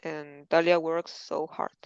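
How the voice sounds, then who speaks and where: A woman's voice: low-pitched, little pitch movement, slow pace, creaky, clear, resonant tone, dry recording, muffled recording. A woman student reading textbook passages aloud in an English lesson, carefully and with hesitant fillers.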